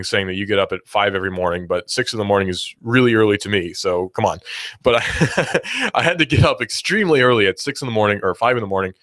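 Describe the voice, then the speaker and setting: A man's voice: fairly low pitch, fairly bright tone, dry recording, studio quality. Chatty sarcastic male radio host. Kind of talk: casual radio talk segment. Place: radio studio.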